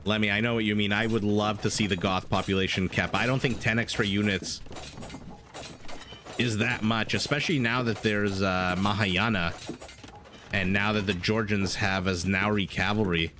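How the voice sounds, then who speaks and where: Low-voiced male game caster, chatty and quick to laugh, faint hiss behind. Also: steady tone, bright, forceful tone. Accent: non-standard English accent (hear 'dollar' rounded). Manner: chatty, laughs often, reads chat aloud. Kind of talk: live game commentary with chat banter.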